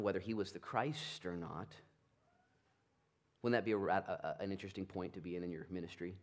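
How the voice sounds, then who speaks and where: A man preaching a Bible study sermon with a fairly low voice. He is animated and often leaps into quick playful voices for the people in the story, then drops back to a low, earnest tone. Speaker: pastor.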